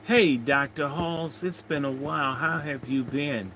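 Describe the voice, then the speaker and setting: A man's voice: a little high, measured pace, pushed and bright, a little hiss or hum, poor audio. A man hosting a casual livestream, rambling and joking as he reads out viewer comments. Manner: rambling, jokey, chatting to viewers. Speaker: livestream host.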